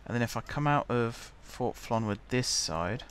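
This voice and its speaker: A man's voice: mid-range voice, expressive, normal speed, a bit bright, slight background noise. A man chatting casually as he plays a building game, muttering to himself while he builds. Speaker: gaming channel host.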